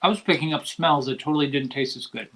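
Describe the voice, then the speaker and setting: A man co-hosting a casual unboxing livestream, talking hesitantly and softly. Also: a little high, fast talker, slight background noise. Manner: hesitant, lots of likes and restarts, soft-spoken. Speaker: livestream co-host.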